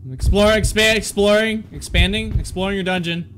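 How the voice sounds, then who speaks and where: A man's voice: high-pitched, steady tone, brisk, a bit bright, slight background noise. A man commenting on a horror game he is playing, jumpy and swearing, yelping in fright and joking to his viewers and the game. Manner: jumpy, swears a lot, yelps and panics; jokey self-talk to viewers and the game. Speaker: gaming channel host.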